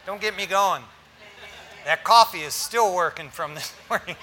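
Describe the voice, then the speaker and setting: An older man, a pastor, preaching a sermon in a lively, joking way to his congregation. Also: a little high, normal speed, a little hiss or hum.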